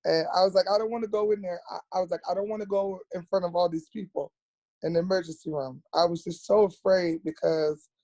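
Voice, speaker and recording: A woman's voice: on the low side, fairly even intonation, fairly quick, mellow, dry recording. An earnest woman speaks as a guest on a podcast. She tells her story candidly and plainly. She often repeats words to stress them.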